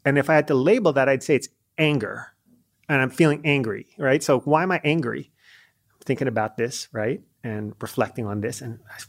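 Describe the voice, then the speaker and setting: Lively male podcast guest telling stories. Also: mid-range voice, fairly quick. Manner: lively storyteller acting out quoted lines; frequent fillers like "like" and "you know". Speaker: podcast guest, leadership coach. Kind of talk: conversational interview.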